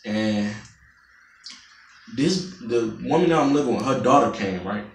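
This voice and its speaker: A young man with a gravelly, creaky voice tells a story full of cursing for his vlog. His voice sits at an average pitch, and the sound is roomy, picked up from some distance. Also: measured pace, pauses often, a little hiss or hum. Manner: profane, animated storytelling. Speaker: vlogger.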